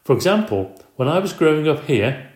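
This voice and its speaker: A man reading the part of an elderly grandmother who speaks up with lively, emphatic reminiscence in a storybook reading. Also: fairly high pitch, normal speed, pitched above the performer's own voice. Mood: spirited. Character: chatty elderly woman, grandmother, spirited storyteller. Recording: roomy echo.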